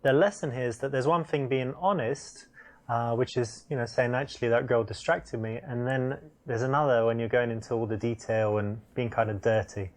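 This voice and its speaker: A man playing a measured dating coach. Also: medium pitch, fairly even intonation, close to an everyday voice. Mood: instructive. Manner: explaining, measured. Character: dating coach explaining the player's mistakes. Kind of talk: instructional game narration.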